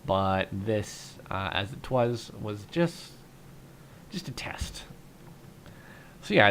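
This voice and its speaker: A man's voice: lowish voice, a little hiss or hum. A young man narrating a game casually and rambling through his thoughts with lots of fillers, tired and yawning. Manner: relaxed, rambling, thinks aloud with fillers. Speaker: gaming YouTuber. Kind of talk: casual Minecraft commentary.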